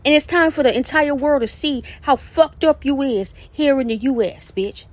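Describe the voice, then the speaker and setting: High-voiced, profane woman ranting. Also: normal speed, dry recording. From South Carolina. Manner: profane, confrontational, insulting. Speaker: podcast host. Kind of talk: angry solo podcast rant.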